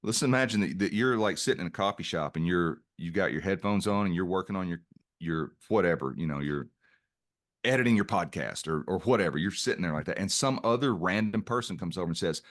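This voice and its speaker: Podcast guest, middle-aged man, low pitch, earnest storyteller who restarts his sentences. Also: expressive, fairly quick. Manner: earnest, stops to restart phrases. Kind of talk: reflective interview storytelling.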